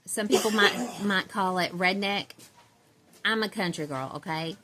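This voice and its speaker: Talking to her viewers at an unhurried pace, a Central Texas woman who vlogs about doll collecting rambles chattily, laughs a lot, and describes herself as a country girl. Her medium-pitched voice comes with background noise.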